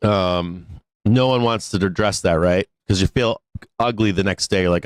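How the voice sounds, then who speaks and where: Speaking at a normal speed in a low-pitched voice, a man hosts a live stock trading stream, talking loosely, wandering off topic, cursing without restraint and laughing often. There is no echo on the recording.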